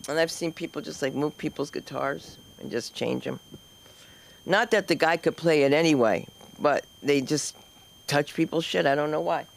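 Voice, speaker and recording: Teasing comedy club host. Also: male voice, on the high side, normal speed, creaky. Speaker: open mic host. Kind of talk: emceeing a comedy open mic.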